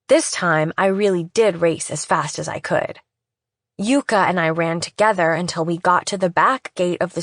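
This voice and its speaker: A woman's voice: medium pitch, dry recording, clean studio sound. A woman reading a first-person audiobook in a reflective, wry storytelling manner. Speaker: audiobook narrator.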